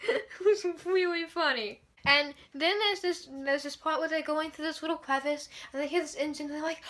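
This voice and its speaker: Bright-voiced sarcastic young woman ranting. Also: high-pitched, lively intonation, normal speed. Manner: sarcastic, exasperated, swears freely. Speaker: movie reviewer. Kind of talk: casual movie review rant.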